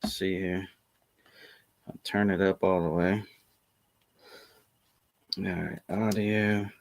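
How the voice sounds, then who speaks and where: A man, a guest on a live video-call chat who tells stories in an animated, laughing way. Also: low voice, slow pace, vocal fry, a little hiss or hum. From Florida Panhandle, US. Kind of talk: casual live-stream chat. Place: remote, joining a video call.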